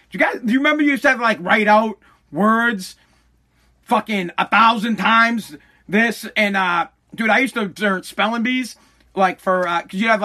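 A middle-aged man telling a casual story and ranting, swearing constantly and cutting himself off mid-sentence. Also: sits high. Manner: swears constantly, animated, self-interrupting. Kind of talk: casual profane storytelling rant.

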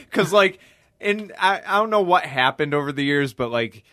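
A man's voice: fairly high pitch, expressive, normal speed, bright, forceful tone, dry recording, studio quality. A young man hosting a podcast, laughing and swearing through casual chat. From United States. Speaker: podcast host.

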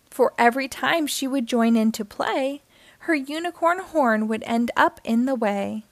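A woman with a high voice reads a rhyming children's picture book aloud in a gentle, lilting rhythm. The sound is close and dry, with no room echo. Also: measured pace.

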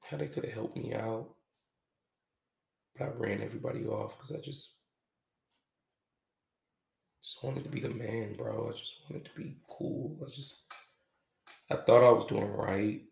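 Male podcast host, deep and very gravelly, halting and reflective, echoey room. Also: steady tone, a little mellow. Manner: halting, reflective, casual with swearing. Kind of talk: confessional podcast monologue.

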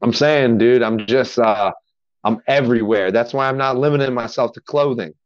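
A man's voice: medium pitch, moderate pace, no echo, dull audio. A man telling a rambling story in casual podcast chat, cussing freely. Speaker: podcast guest.

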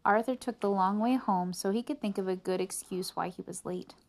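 A woman's voice: medium pitch, fairly quick. Woman reading a picture book aloud. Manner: expressive, chatting asides to a child. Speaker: reader to a child.

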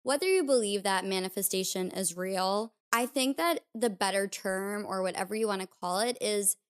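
A woman's voice: mid-range voice, normal speed, clear, resonant tone. A woman hosting a podcast, talking candidly and confessionally about her own life in a casual, reflective way. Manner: candid, confessional, uses filler "like". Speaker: podcast host. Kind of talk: personal reflective podcast talk.

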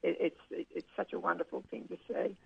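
A woman's voice: fairly low pitch, fairly even intonation, brisk, gravelly, husky, no echo. A woman, a racing club manager interviewed by phone, talking fondly with many hesitations and restarts. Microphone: telephone. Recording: tinny phone line.

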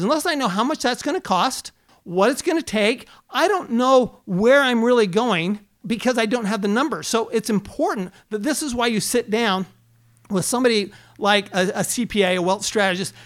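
A man's voice: very high-pitched, a bit bright. A man who is an accountant hosting a podcast, talking in an earnest coaching way and firing off rhetorical questions. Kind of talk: motivational podcast talk.

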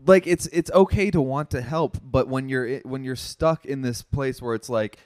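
A man in casual podcast chat, talking in a measured, wry way. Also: medium pitch, darkish tone, no echo, studio quality.

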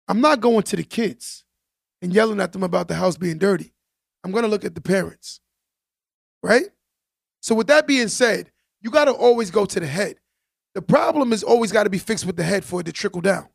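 A man's voice: sits high, creaky, no room sound, studio quality. A man hosting a podcast, talking in an emphatic, preachy way and repeating phrases for stress. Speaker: podcast host. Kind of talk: casual podcast monologue.

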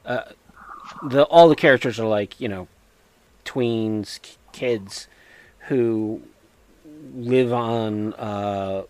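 A man with a New England accent, co-hosting a podcast in casual chat, talking hesitantly with many filler pauses. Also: lowish voice, a little mellow, clear, resonant tone. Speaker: podcast co-host.

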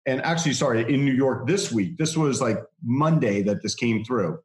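A man casually telling a long anecdote, animated, laughing often and acting out what others said. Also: medium pitch, moderate pace, roomy sound. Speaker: guest telling a story.

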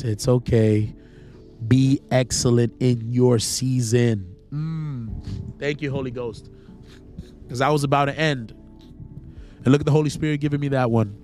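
A man's voice: medium pitch, a little mellow. Young male preacher, congested, earnest, pleading, repeats lines, outdoor sermon, faint music behind. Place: outdoors in the cold. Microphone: camera facing the speaker.

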